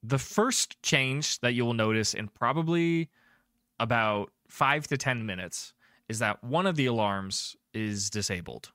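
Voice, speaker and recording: A man narrating as game master in a tabletop game, chatty and descriptive and filling his pauses with um and uh. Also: medium pitch, expressive, bright, forceful tone, no echo, clean studio sound.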